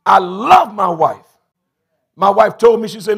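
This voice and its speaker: A middle-aged man, preaching a sermon as bishop in a church, swinging from low confiding talk to shouted bursts. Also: expressive, unhurried, vocal fry, breathy edge. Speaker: bishop and pastor. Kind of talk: call-and-response sermon. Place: church sanctuary.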